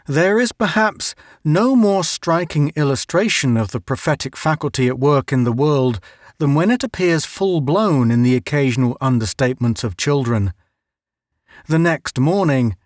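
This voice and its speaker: A man narrating a story in a measured, even reading. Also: fairly high pitch, no echo, clean studio sound. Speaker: audiobook narrator. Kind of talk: scripted narration.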